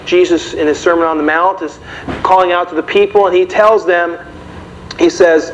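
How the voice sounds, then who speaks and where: A man delivers a sermon to a congregation in a loose, conversational manner and keeps turning to the audience with questions. His voice sits a little high. The recording is somewhat muffled, with a faint hiss underneath. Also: fairly even intonation, moderate pace. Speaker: preacher. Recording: dull, slightly noisy recording.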